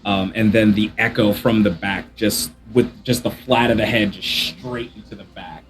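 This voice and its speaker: A man's voice: on the low side, steady tone, normal speed, fairly bright tone. A man playing a tabletop game, describing his character's attacks in a casual way with many fillers. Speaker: player. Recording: faint music behind.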